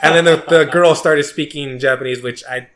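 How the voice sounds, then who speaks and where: Bright-voiced man telling a rambling story. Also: on the high side, steady tone, moderate pace, a little hiss or hum. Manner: rambling, profane, many restarts. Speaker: podcast co-host. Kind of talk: casual chat, storytelling.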